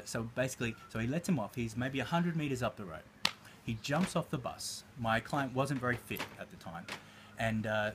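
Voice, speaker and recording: A male life coach in a motivational talk. He tells a story and addresses listeners directly. His voice sits mid-range, and faint background noise runs underneath. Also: mid-range voice.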